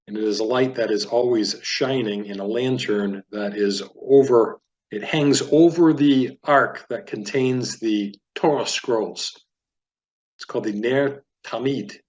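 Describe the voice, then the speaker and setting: A man teaching a Biblical Hebrew reading lesson, patiently sounding out each word and then explaining it at a relaxed teaching pace. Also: mid-range voice, muffled recording. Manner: patient, explanatory, repeats words slowly for learners.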